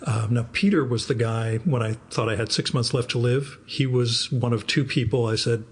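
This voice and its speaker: Fifty-something guy hosting a podcast, gravelly husky voice, meandering wry stories. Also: mid-range voice, normal speed. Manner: rambling, anecdotal, wry storytelling. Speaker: podcast host. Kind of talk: casual conversational interview.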